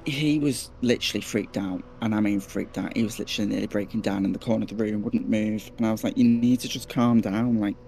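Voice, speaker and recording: Scouse guy telling a story on a podcast, lively, stumbles and repeats himself, swears a bit. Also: lowish voice, fast, gravelly, hardly any pauses, a little hiss or hum. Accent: Liverpool. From Liverpool, England. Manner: animated, repeats words, acts out quotes, swears casually. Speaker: podcast guest. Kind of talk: casual storytelling.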